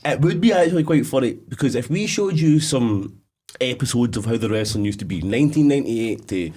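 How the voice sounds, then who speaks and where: A man's voice: mid-range voice, brisk. A man co-hosting a podcast, telling stories in rambling casual chat with frequent laughter. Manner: rambling, laughing, animated storytelling. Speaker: podcast co-host.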